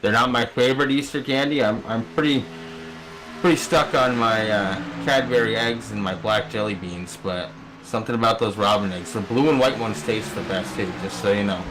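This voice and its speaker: A man's voice: lowish voice, moderate pace, over music. A middle-aged man calling a sim racing broadcast in a chatty, easygoing way, reading out the starting grid. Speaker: race commentator.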